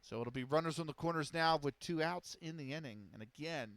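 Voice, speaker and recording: A man streaming casual play-by-play of a simulated baseball game, measured and steady, often pausing on fillers and correcting himself. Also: on the high side, dry recording.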